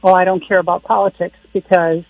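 A man's voice: high voice, little pitch movement, brisk, no echo. A man calling in to a radio show, speaking earnestly and politely. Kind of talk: call-in phone comment. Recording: muffled phone line.

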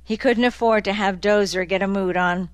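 A woman narrating an audiobook in a measured, deliberate way. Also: mid-range voice, steady tone, clean tone, no echo. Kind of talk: scripted narration.

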